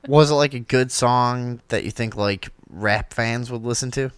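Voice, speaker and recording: A man's voice: medium pitch, a little slow, clean tone, dry recording, studio quality. A man co-hosting a casual talk show, laughing and trading crude jokes. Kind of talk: casual joking chat.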